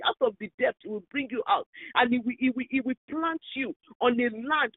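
A man's voice: very high voice, no echo. A man preaching and leading prayer with fervent, repetitive exhortation. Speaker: pastor. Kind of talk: sermon and led prayer. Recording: tinny phone-like dry sound.

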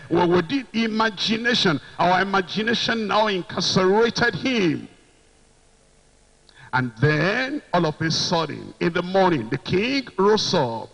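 A man preaching a sermon, slow and emphatic, repeating phrases and shouting out quoted lines. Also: high-pitched, creaky, poor audio.

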